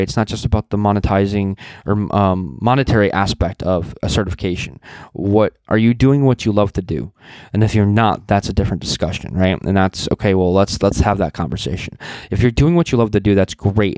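A man's voice: lowish voice, a little mellow, no room sound. Earnest rambling man, a little sick. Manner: rambling, frequent fillers and restarts; earnest, passionate. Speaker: networking career advisor. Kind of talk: casual advice talk.

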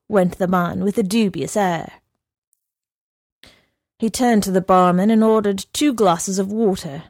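A woman narrating a story in a measured reading voice. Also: mid-range voice, darkish tone, dry recording, studio quality. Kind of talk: audiobook reading.

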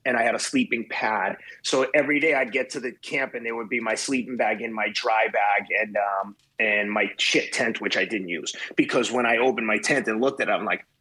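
A man in his fifties, a podcast guest telling a swearing, animated anecdote in casual chat. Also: lowish voice, a little fast, few pauses, husky. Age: 50s. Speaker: podcast guest, marathon runner.

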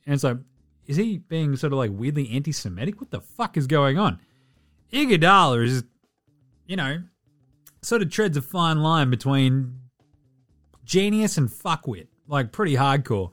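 A man's voice: mid-range voice, very animated, moderate pace. A man hosting a casual sports podcast, running through game stats with an irreverent, sweary, joking manner. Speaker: podcast host.

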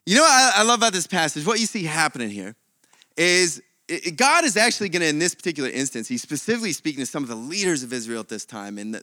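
A man preaching a sermon as pastor, animated, with sudden swings between loud and quiet. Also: on the high side, dry recording, clean studio sound.

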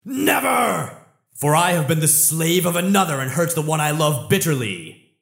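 A man voicing a defiant, heroic male thunder god in a higher, booming, declaiming voice. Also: very animated, normal speed, vocal fry, a bit bright, roomy sound, exaggerated voice.

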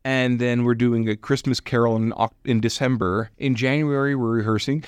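A man's voice: mid-range voice, smooth, no echo. Enthusiastic man, theater director, dry studio. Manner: enthusiastic, excitable, quick to laugh. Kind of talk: casual interview chat.

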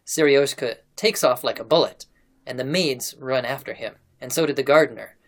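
A male podcast host retelling an old story in a relaxed, conversational way. He talks casually to his guests and laughs easily between lines. His pitch sits in a middle range. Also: moderate pace.

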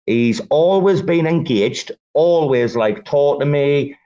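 A man's voice: a little high, expressive, takes it slowly, mellow, highs cut off. A young man hosting a live audio chat, bantering loosely and swearing as he laughs along. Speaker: host of the space. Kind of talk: casual crypto chat on a live audio space.

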